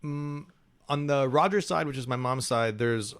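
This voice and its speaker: A man speaks in a relaxed Ohio accent, telling stories at an easy, middling pitch. His talk is full of likes and you-knows. He is a guest in a podcast conversation. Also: moderate pace, clean tone. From United States. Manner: relaxed storytelling with filler words. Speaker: podcast guest, English professor. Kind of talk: casual interview conversation.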